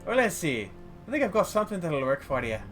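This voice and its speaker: A man voicing a gruff, well-meaning old male junk scavenger with a put-on German accent. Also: on the high side, big pitch swings, fast talker, fairly bright tone, soft background music, pitched above the performer's own voice.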